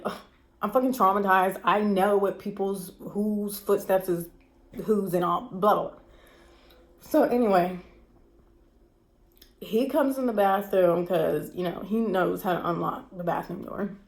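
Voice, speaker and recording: A woman's voice: medium pitch, creaky. A woman recounts a painful night straight to camera, her voice shaky and stressed. She talks in candid, repetitive bursts, swearing as she goes. The room around her rings with a noticeable echo. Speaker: vlogger. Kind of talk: personal storytime vlog. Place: cold room indoors. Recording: roomy echo.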